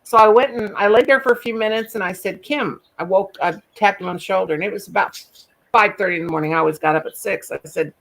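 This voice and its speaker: A woman's voice: medium pitch, creaky, fairly bright tone. A woman hosting a live stream, chatting casually and telling a rambling story. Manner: rambling storyteller, quick asides, folksy. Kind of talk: casual chat.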